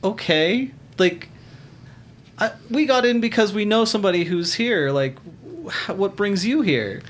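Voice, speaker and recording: A man playing a curious young woman adventurer who keeps probing with halting, restarting questions. The voice is a touch higher than usual and swings lively in pitch. A light hiss sits under it. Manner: hesitant, many restarts.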